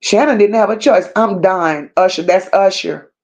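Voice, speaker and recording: A woman hosting a commentary stream, talking in a slow, emphatic and scornful way and stopping to read viewer comments aloud. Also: mid-range voice, darkish tone, dull audio. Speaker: commentary channel host. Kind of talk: unscripted livestream rant.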